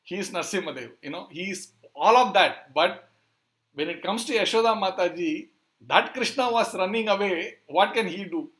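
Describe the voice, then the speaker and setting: Male preacher, fairly high voice, halting delivery with many fillers. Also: a bit bright. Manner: hesitant, many fillers, searching for words. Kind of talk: scripture storytelling talk.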